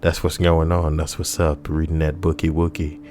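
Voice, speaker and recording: A man's voice: a bass voice, completely flat delivery, normal speed, a little mellow. A man, hosting a casual comedy video in a crude, rambling, sardonic way. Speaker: video host.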